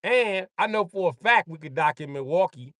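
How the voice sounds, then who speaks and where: A man's voice: high-pitched, animated, normal speed, sharp tone, no room sound, clean studio sound. A man rambling casually and joking on a livestream, swearing freely and laughing often.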